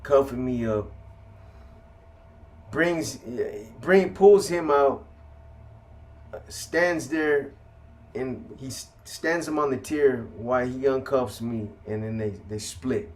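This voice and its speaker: A man's voice: mid-range voice, slow, a little mellow. Blunt, profane man telling a story. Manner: blunt, heavy swearing, street slang. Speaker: former prisoner telling his story. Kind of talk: casual storytelling to viewers.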